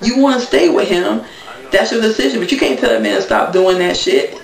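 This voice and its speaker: Gravelly woman in an echoey room. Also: medium pitch, big pitch swings, brisk, distant mic. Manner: blunt, gossipy, talks straight to viewers. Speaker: TV recap vlogger. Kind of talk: casual episode recap.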